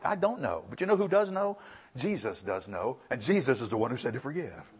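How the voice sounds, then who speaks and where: A man's voice: mid-range voice, sing-song, brisk, slightly rough. A male pastor preaching a sermon, reading scripture aloud and then explaining it with emphatic repetition.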